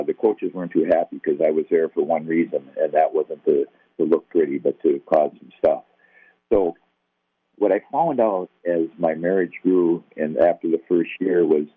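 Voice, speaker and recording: A man's voice: a bass voice, no room sound. An older man telling a personal testimony in a conversational, self-deprecating way, acting out the voices in his story. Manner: conversational, self-deprecating, acts out quoted dialogue. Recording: tinny, phone-like, dry.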